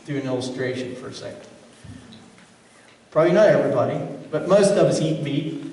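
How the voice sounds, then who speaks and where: An earnest male pastor preaches to his congregation, pressing his points home with pointed rhetorical questions. His slightly high voice carries through a big, echoey church hall, picked up from some distance away with a long reverb trailing each phrase. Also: brisk, a little mellow, slight background noise. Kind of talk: sermon. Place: church sanctuary.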